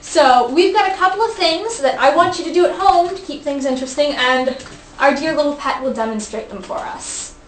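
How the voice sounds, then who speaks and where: A woman's voice: high-pitched, fairly quick. A young woman hosting a casual study group, playful as she reads aloud from a book and stumbles over words. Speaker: host. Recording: echoey room, faint background hiss.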